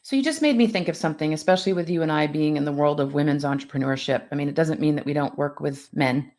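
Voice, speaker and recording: A woman's voice: low voice, fast talker, a little mellow. A woman hosting a conversational interview, encouraging her guest with frequent brief affirmations. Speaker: podcast host.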